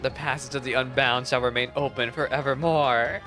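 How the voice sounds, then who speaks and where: A defiant anarchist rebel bunny woman from a video game, scornful of every rule, as a man reads her lines aloud in his own lowered voice. The tone is bright and forceful. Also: steady tone, moderate pace, soft background music, natural voice. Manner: plain read-aloud of game dialogue, lowered voice.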